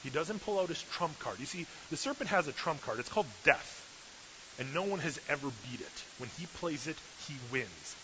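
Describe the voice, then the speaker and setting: A man preaching a sermon as pastor, retelling a story in a lively way and asking the listeners questions. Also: a little high, moderate pace. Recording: slightly dull recording with faint hiss.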